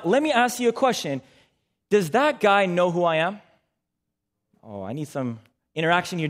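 A young man preaching a sermon, engaging the audience with questions and calls for responses. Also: high voice.

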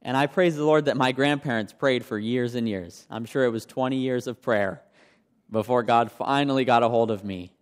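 A man's voice: mid-range voice, moderate pace, clear, resonant tone. A young man preaching a sermon, sharing his own testimony in a conversational way and asking the congregation questions. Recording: long hall reverb.

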